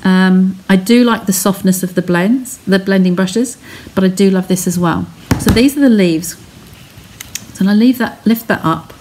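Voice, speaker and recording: Woman, craft tutorial, chatty, step-by-step, middle pitch, faint background noise. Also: normal speed. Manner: chatty, reassuring, talks through each step. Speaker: craft demonstrator. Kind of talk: live-stream craft tutorial. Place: home craft studio.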